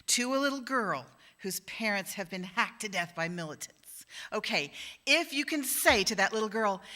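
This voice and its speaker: A woman minister preaching in a church with a bright, clear tone. Her sermon is loose and conversational, and she slips into the voices of the people she quotes. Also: mid-range voice. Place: church sanctuary.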